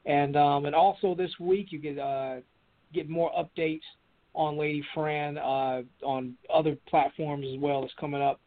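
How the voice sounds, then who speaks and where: Easygoing male call-in host, higher voice, tinny phone-line sound. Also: steady tone. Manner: easygoing, repeats phone numbers slowly. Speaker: show host. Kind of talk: hosting a call-in show.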